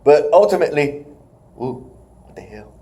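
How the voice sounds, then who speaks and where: A young man talks through wrestling matches in a loose podcast chat. His voice sits a bit high and jumps all over, and he laughs often and sometimes slips into a squeaky imitation. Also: sing-song, normal speed, warm tone. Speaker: podcast co-host reviewing wrestling. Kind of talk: casual recap chat.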